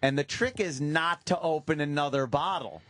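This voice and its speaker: A man's voice: fairly high pitch, normal speed, fairly bright tone, no room sound. A man hosting a radio show, chatting casually in a profane, rambling, self-mocking way.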